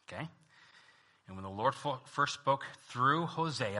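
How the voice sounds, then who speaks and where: A man delivers a sermon from the pulpit in a casual, talking-to-you way. His voice is strikingly bright and forceful. He drops to a near hush when reading, then climbs back to full volume. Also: medium pitch, unhurried, pauses often. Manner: conversational preaching, swinging from hushed to loud. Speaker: pastor.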